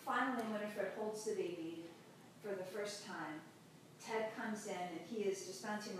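Woman preaching slowly in an echoey church. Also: medium pitch, lively intonation. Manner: slow, measured storytelling with long pauses. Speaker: pastor. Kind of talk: sermon. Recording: very echoey hall, distant mic, faint noise.

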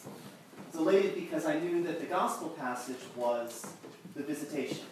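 A man preaching a sermon in a conversational, self-deprecating way, pausing and restarting his sentences. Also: on the high side, expressive, a little mellow, slight background noise. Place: large echoing church. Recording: echoey church from a distance.

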